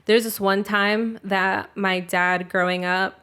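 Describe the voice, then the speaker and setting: Young woman, podcast co-host, casual story, middle pitch, swears a lot, says 'like' constantly. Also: steady tone, slow, pushed and bright, clean tone. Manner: loose and profane, heavy use of 'like'.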